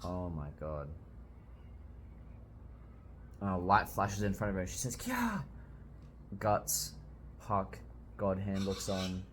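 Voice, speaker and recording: A young man reading a manga aloud and reacting, excitable, swearing often and bursting into loud exclamations. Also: sits low, moderate pace, slight background noise. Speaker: manga reviewer.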